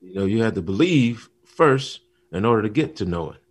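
A man co-hosting a casual talk show, telling a story with animated retellings and acted-out lines. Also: fairly low pitch, a little fast, husky. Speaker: podcast co-host. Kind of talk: casual chat.

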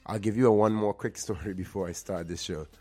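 A man's voice: fairly low pitch, steady tone, a little fast, dark tone, slightly rough, soft background music. A man from Trinidad and Tobago hosting his show, giving an earnest motivational monologue with personal stories and the odd repeated word. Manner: earnest, storytelling, repeats words when emphasizing. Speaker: actor and show host. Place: LA area.

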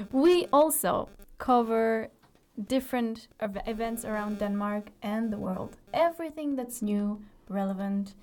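A woman's voice: a little high, a little mellow. A woman co-hosting a radio show in an upbeat, playful, chatty way, laughing often. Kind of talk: casual radio chat.

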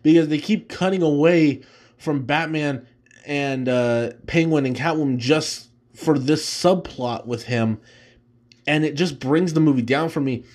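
A man's voice: on the high side, unhurried, darkish tone. Rambling man hosting a movie chat. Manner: rambling, many fillers and restarts, laughs easily. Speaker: host. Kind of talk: casual solo chat ranking movies.

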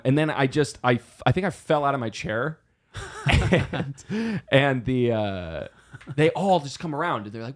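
A man's voice: medium pitch, big pitch swings, measured pace. A young man in his twenties, a podcast co-host telling a story casually, rambling and self-deprecating. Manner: rambling, self-deprecating, full of restarts and acted quotes.

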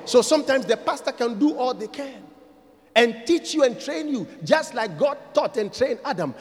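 Pastor, male, high and animated delivery, slow and deliberate, big dynamic swings from quiet to shouting, reverberant hall. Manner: dramatic swings from quiet to shouting, repeating lines for emphasis. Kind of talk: sermon.

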